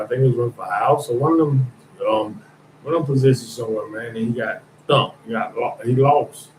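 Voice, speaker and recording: A man's voice: medium pitch, a little hiss or hum. A man hosting a podcast, talking in a blunt, rambling, profane monologue. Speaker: podcast host. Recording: echoey room.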